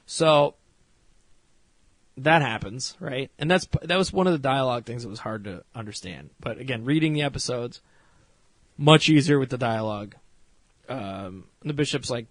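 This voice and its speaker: A man talks loosely through a show he's reviewing, filling gaps with "uh" and "you know" and cursing freely. His voice sits at an ordinary middle pitch and is recorded dry and close, with almost no room sound. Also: unhurried, long pauses, a bit bright, no room sound. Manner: rambling, swears freely, many fillers; retells scenes with mock voices. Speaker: podcast host reviewing a series. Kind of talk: casual spoken review.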